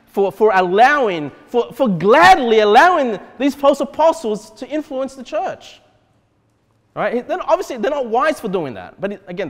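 A male pastor preaching an expository sermon in an animated way, often checking in with the congregation. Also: high voice, in a large hall. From Australia. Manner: animated, repeatedly checks in with "okay?". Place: church.

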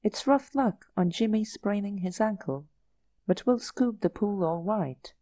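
A woman's voice: medium pitch, a little slow, warm tone, no echo, lightly acted. A woman reading the part of an impulsive, thrill-seeking young society lady, in a coaxing, breathless manner. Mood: brisk, eager.

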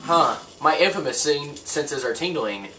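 A young man giving crude, profane gameplay commentary, ranting loudly and then muttering under his breath. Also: a little high, expressive, measured pace, recorded from a distance, a little hiss or hum. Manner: loud, crude, ranting, jumps between yelling and muttering. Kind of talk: profane let's-play commentary.

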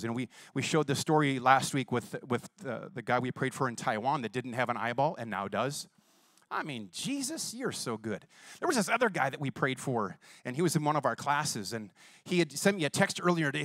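A man's voice: mid-range voice, no echo, studio quality. A man preaching a sermon, telling healing stories in a casual, conversational way and acting out the quotes. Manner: lively, conversational, acts out quotes. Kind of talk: sermon storytelling.

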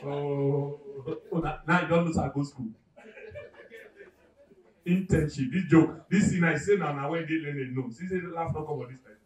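A man with a Nigerian accent doing live stand-up comedy, animated and loud, acting out characters and shouting punchlines. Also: fairly high pitch, moderate pace, echoey room, far from the mic, low-quality recording. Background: audience.

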